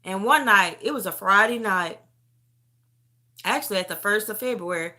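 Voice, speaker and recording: Middle-aged woman, host of a testimony live stream; sharp bright tone, animated and emotional storytelling, close to tears. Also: mid-range voice, moderate pace. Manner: animated storytelling, calls the listener "beauty". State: near tears. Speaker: host sharing a personal testimony.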